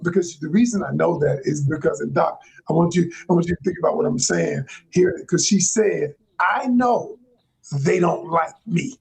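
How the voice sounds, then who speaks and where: Relationship coach, male, gravelly and husky, measured explainer on a live panel. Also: a little high, steady tone, warm tone, rough recording. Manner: measured, explanatory, quotes others in a raised voice. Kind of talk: panel discussion on a live stream.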